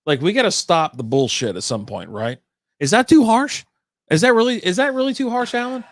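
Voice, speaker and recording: A man's voice: high voice, lively intonation, fairly quick, dry recording. A man co-hosting a livestreamed podcast, talking bluntly with lots of swearing and exasperated rants. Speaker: podcast co-host. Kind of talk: casual chat over drinks on a livestream.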